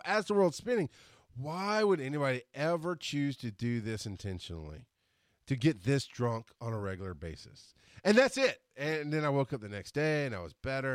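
A man hosting a podcast, telling a story in a casual monologue, animated and quick to laugh as he acts out scenes. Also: medium pitch, dry recording, clean studio sound. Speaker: podcast host.

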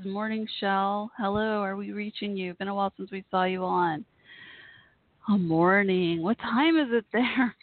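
A woman's voice: medium pitch, no echo. A woman hosting a live internet radio show, gushing and emotional, rambling as she talks. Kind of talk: casual live chat show. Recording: tinny phone-like sound, dry.

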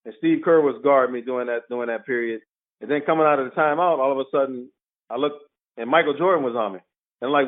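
A former pro basketball player tells stories in an interview, talking fast in a mid-range voice. He's an animated storyteller who acts out the quotes, and the recording sounds tinny, like a phone line.

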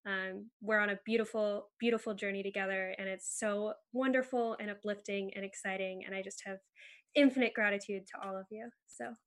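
A woman's voice: mid-range voice, steady tone, a little fast. A woman speaking as a panel guest, sharing heartfelt, gushing gratitude over a video call.

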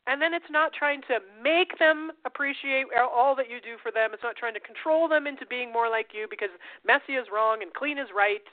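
A woman co-hosting a talk show, explaining in a casual, animated way and acting out the voices she quotes. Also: high voice, normal speed, few pauses, no echo. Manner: animated, acts out quoted voices, repeats phrases. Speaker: podcast co-host. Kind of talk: casual conversational coaching talk. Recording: tinny phone-like line.

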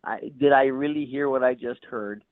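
A man's voice: medium pitch, moderate pace, dry recording. A pastor in his sixties tells a personal story in an interview, chuckling between phrases and often saying "you know". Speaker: pastor and author. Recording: tinny phone line, dry.

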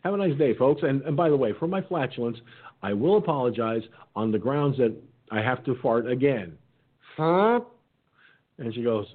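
A man's voice: mid-range voice, normal speed. A middle-aged man hosting an online radio talk show, telling a funny story in casual chat and acting out the other people's voices. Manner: animated anecdote-telling, acting out quotes. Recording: tinny phone-like line.

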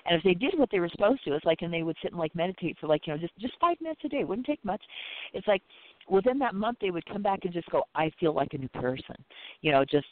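Fast-talking man on a tinny phone line. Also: high voice, sing-song, no room sound. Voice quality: rambling, heavy with fillers like "you know" and "it's like". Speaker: Reiki practitioner. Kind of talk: casual chat.

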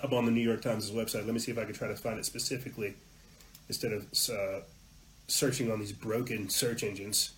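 A man hosting a political podcast, ranting heatedly, muttering asides then hitting words loudly, with some swearing. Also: lowish voice, level tone, fairly quick, slight background noise, low-quality recording. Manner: heated, ranting, swings between muttering and loud emphasis; profane at peaks. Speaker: podcast host.

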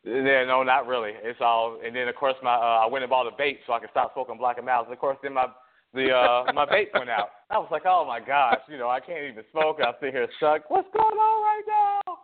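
A man co-hosting casual sports chat over a tinny, phone-like line, a little out of breath. He rambles, repeats words and laughs between points. His pitch sits mid-range. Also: steady tone, quick pace. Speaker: co-host.

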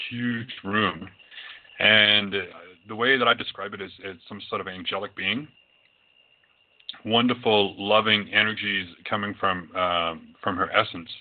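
A man who works as a psychic medium, telling his own experiences in a loose, rambling way with many fillers. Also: lowish voice. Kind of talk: casual storytelling talk. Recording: tinny phone-like audio.

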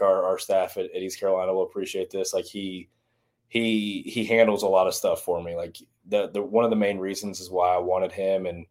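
A man's voice: low-pitched, a little mellow. A man in his thirties, a baseball trainer and former strength coach, talking earnestly and reflectively in a casual interview.

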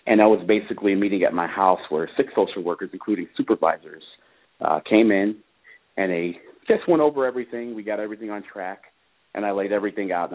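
A man with a fairly low voice calls in over a thin, tinny phone line. He speaks earnestly and haltingly, with plenty of ums and uhs, as he recounts what happened to him. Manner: earnest, halting, many fillers. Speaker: father calling in about his case. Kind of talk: personal account on a call-in radio show.

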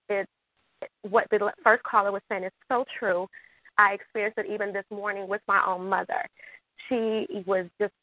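An excited woman from Michigan calls in and rambles, stumbling into restart after restart. Her voice comes through a dry, tinny phone line with no room sound. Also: medium pitch, no echo. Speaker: caller. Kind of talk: emotional call-in chat.

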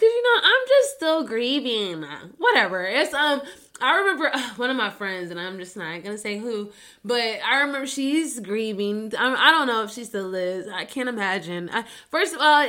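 Woman podcast host just chatting, candid and emotional, swears a lot, kinda high bright voice. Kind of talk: casual chat.

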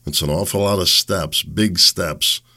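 A man's voice: low voice, unhurried, bright, forceful tone. A man hosting a solo political talk show, blunt and sarcastic, rambling with restarts.

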